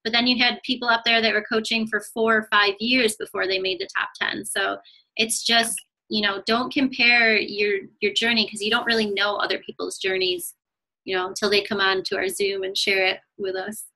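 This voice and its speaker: A woman hosting a casual interview, encouraging and talking in long quick runs. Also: mid-range voice, sharp tone, rough recording. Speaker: host.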